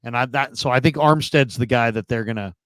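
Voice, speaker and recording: A man's voice: medium pitch, fairly quick, no room sound. Opinionated man talking football. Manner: opinionated, thinking aloud with restarts. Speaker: sports podcast panelist. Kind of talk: casual sports talk.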